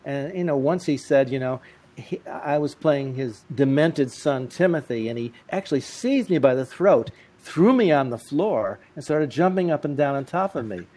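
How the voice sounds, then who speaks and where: A man telling lively, comic anecdotes as an interview guest. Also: on the high side, moderate pace. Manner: lively, animated, comic timing. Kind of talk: anecdotal storytelling.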